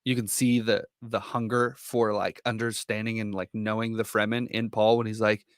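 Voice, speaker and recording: A man's voice: on the low side, smooth, no room sound. Enthusiastic young man, dry close sound. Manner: enthusiastic, many fillers, quick bursts of excitement. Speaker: podcast co-host. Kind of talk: casual film discussion.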